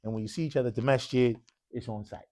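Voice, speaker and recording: A man's voice: medium pitch, steady tone, racing, warm tone. A man teaching an Arabic grammar class in a mosque classroom, constantly quizzing his students with questions. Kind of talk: classroom lesson.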